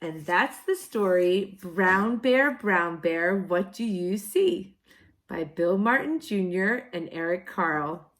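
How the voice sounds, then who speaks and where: Lady teacher doing storytime for little kids, super slow and singsongy, voice bouncing all over. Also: on the low side, expressive, fairly bright tone. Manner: slow, sing-song, exaggerated storybook delivery with playful asides. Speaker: kindergarten teacher. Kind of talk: reading picture books aloud to young children.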